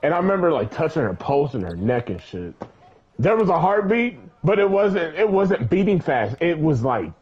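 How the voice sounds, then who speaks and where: A young man telling a story in casual chat, profane and rambling, with an animated way of retelling. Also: a little high, moderate pace, slightly rough. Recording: dull lo-fi recording.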